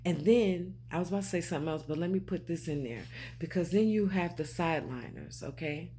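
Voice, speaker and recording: With a dark tone and a low-leaning voice that goes a little fast, a woman addresses her viewers directly over slight background noise. As a spiritual vlogger she's emphatic and preachy, repeating points and using babe and honey.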